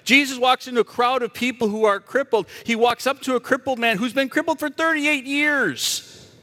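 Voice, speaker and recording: A man's voice: very high voice, moderate pace, sharp tone, long reverb tail. A man preaching a sermon as a pastor, emphatic and asking the audience rhetorical questions.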